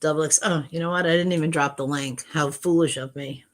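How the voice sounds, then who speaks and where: A woman's voice: low voice, steady tone, a little fast. Chatty woman hosting a livestream. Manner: chatty, reads out and greets chat viewers, frequent restarts. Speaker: livestream host. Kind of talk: casual live-stream chat.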